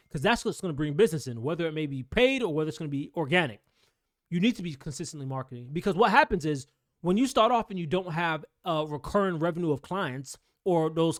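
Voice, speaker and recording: A man's voice: on the high side, a bit bright, no echo, studio quality. A man coaching notaries in a blunt, ranting, motivational talk full of street slang.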